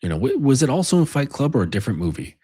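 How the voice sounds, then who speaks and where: A man's voice: medium pitch, big pitch swings, rapid-fire, dark tone, husky, no room sound, studio quality. A man delivering a rambling, profane monologue as a men's coach. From United States. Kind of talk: casual monologue.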